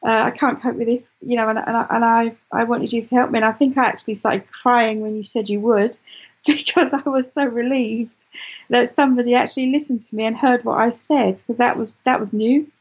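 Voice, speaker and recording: Husky woman telling her story. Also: fairly high pitch, brisk, highs cut off. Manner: animated storyteller, many restarts. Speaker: guest, client. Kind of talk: interview chat.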